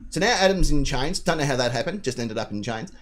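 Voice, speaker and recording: A man's voice: mid-range voice, expressive, fast talker. A man, co-hosting a live talk show and retelling a film plot in a rambling, sweary way, acting out the characters' lines. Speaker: co-host.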